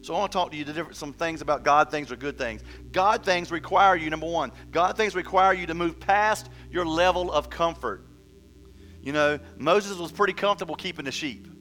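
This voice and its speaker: A man preaching a sermon in an animated way, acting out Bible figures with a rising voice and often repeating words as he goes. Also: fairly high pitch, fairly quick, faint music behind. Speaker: pastor.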